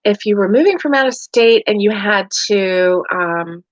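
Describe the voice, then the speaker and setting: A woman's voice: mid-range voice, lively intonation, a little slow, no echo. A middle-aged woman with a Southern US accent, hosting a casual live crochet chat at home, rambling and tired, with many fillers. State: tired and yawning. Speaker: crochet livestream host. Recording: dry, dull lo-fi home stream.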